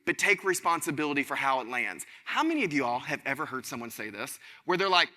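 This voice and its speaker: A man giving an energetic keynote speech on a conference stage, talking straight to his audience. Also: medium pitch, fast. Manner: animated, addresses audience directly as y'all. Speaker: keynote speaker. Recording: large hall reverb.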